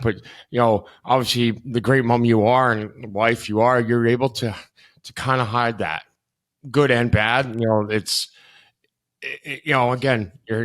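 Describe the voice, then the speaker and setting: Rambling man in casual talk. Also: mid-range voice. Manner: rambling, many fillers and restarts. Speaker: podcast co-host. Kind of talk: casual conversational chat.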